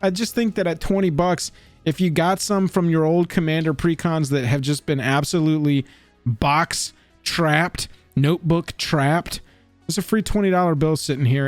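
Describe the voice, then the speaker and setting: Man, fairly high voice, casual card-price chat, joking asides, dry close sound, light music under. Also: no echo. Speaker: co-host.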